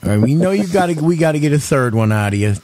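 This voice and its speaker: A man's voice: on the high side, animated, noisy background. A male radio host, bantering casually, laughing often and drawing out his exclamations. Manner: laughs a lot, repeats himself, slow drawn-out exclamations. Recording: music playing underneath.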